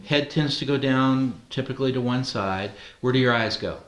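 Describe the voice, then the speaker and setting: A man teaches a class of adults in a roomy training hall, his voice carrying with some echo. He speaks at a middle pitch in a relaxed, conversational way and keeps asking the group questions. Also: normal speed, a loud crowd. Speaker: NLP trainer.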